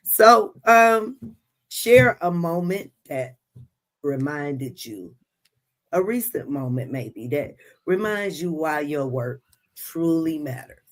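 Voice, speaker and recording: Interview host who talks slowly and affirms the guest often. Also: mid-range voice, expressive. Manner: slow, warm-hearted questioning with many affirmations. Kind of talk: casual live-stream interview.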